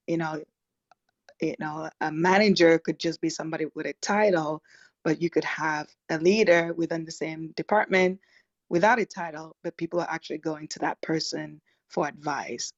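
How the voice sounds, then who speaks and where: A relaxed participant shares a thought casually, pausing with frequent ums. The audio is dull and dry, as from an online audio room. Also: medium pitch, no echo.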